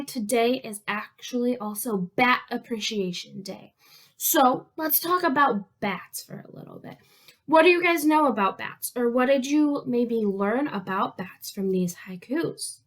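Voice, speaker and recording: A young woman leads a children's library lesson, recorded on a phone. Her voice sits a touch high, and she keeps an unhurried pace. She talks straight to the kids, asking questions and pausing for them to answer. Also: a bit bright.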